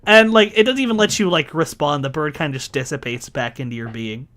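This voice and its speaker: A man's voice: fairly high pitch, fairly quick, fairly bright tone, a little hiss or hum. Casual, swearing man running the game. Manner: casual, swearing, laughing often. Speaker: game master. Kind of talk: narrating a tabletop game.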